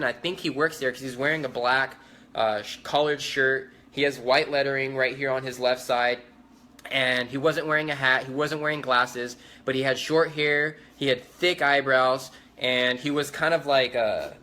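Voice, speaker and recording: A man's voice: medium pitch, sharp tone. A young man giving a first-hand eyewitness account, urgent and repetitive, with many restarts.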